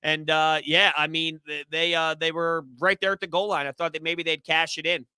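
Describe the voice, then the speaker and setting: Bright, chatty young man live-streaming. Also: fairly high pitch, little pitch movement, moderate pace, clean tone, dry recording, studio quality. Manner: chatty, rambling, laughs easily. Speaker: sports YouTube host. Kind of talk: live-stream chat reading comments.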